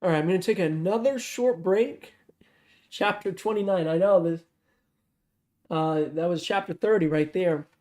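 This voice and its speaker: A mid-range voice at a moderate pace reads a thriller aloud in an echoey space. The delivery is casual and steady, with regular self-corrections and restarted phrases.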